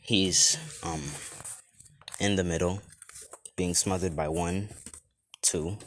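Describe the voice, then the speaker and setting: A man's voice: low-pitched, steady tone, slow, slight background noise. A young man casually narrating an improvised fan story, rambling with lots of fillers and restarts.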